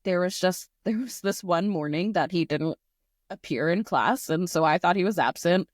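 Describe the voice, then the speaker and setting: A woman's voice: on the low side, moderate pace, no echo, clean studio sound. A woman who teaches, chatting casually and telling a classroom story with lots of fillers. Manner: animated storyteller, many "like" fillers. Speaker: podcast co-host, teacher.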